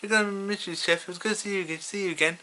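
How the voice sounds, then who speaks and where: Earnest sentimental cartoon kid guy reading him, a bit higher, bright voice. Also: steady tone, very fast. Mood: wistful.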